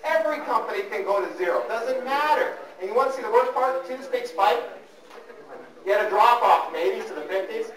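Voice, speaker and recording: A man's voice: high-pitched, animated, brisk, crowd noise. A man giving a live financial seminar, teasing the audience and repeating points with emphasis. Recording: roomy hall from a distance.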